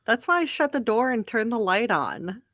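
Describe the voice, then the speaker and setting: A woman with a slightly higher voice chats casually as a podcast guest, filling her sentences with "like". The recording is dry and close. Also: big pitch swings, moderate pace, fairly bright tone, dry recording. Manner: chatty, many fillers of "like". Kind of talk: casual chat.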